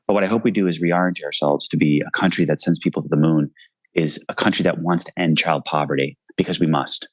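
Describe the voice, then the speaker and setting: A man's voice: extremely low pitch, fairly even intonation, fast, no room sound, poor audio. A man in his forties, an author speaking earnestly and with passion in an interview from his home. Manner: earnest, impassioned, speaks in bursts. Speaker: author and guest. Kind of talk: video call interview.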